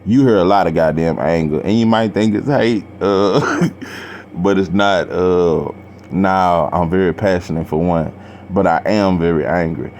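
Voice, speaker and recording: A man talking slowly and heavily to his channel viewers, pausing and sighing between halting phrases full of slang. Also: sits low, a little mellow, slight background noise. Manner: slow, heavy, halting with sighs and slang. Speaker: boxing channel vlogger. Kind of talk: personal vlog talk to camera.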